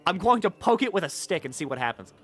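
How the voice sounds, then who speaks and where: A man's voice: high-pitched, very animated, fast, a bit bright, husky, faint music behind. A young man streaming, chatting casually and rambling in jokes with many filler words.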